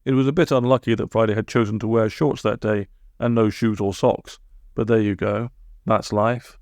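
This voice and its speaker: A man reading a comic storybook aloud, with deadpan asides. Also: lowish voice, normal speed, no echo, studio quality. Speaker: narrator.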